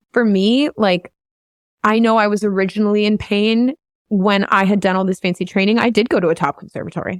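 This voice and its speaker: A woman's voice: medium pitch, no room sound. Brief: woman vocal coach hosting, earnest and rambling, open about feelings, dry close sound. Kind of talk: candid podcast conversation.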